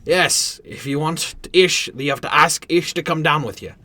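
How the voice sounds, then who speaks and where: A man voicing a gruff male cart driver in a put-on accent, given to grumbling curses. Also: a little high, normal speed, pushed and bright. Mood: grumpy.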